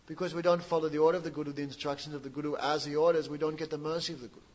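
Preacher guy retelling old scripture, kinda higher voice, lively, talks right to the crowd. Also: racing, low-quality recording. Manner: lively storytelling with asides to the audience. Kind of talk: sermon with retold scripture story.

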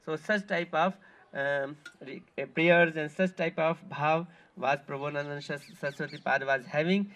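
A man's voice: a little high, fairly even intonation, moderate pace, fairly bright tone. A man giving an earnest devotional talk as a guide at pilgrimage sites, often repeating himself and searching for words. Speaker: spiritual tour guide.

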